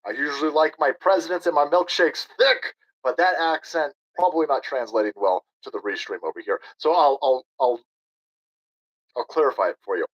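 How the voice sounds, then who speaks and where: A man's voice: a little high, fairly quick, highs cut off. A man doing a profane, mocking reaction commentary on a video clip as a streamer.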